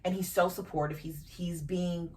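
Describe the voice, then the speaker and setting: A woman with a fairly low voice hosts a podcast and tells a deeply personal story. She speaks frankly and emotionally and swears casually. She sits some distance from the mic, so her voice sounds a little far off. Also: fairly even intonation, moderate pace, darkish tone. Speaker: podcast host.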